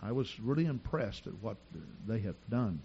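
A middle-aged man preaching a sermon, telling stories in an animated, repetitive way with frequent restarts. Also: on the low side, moderate pace, dull audio, a little hiss or hum. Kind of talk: sermon with storytelling.

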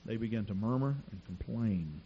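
A middle-aged man preaching a sermon, telling stories in an animated, repetitive way with frequent restarts. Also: on the low side, normal speed, lo-fi sound, slight background noise. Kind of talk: sermon with storytelling.

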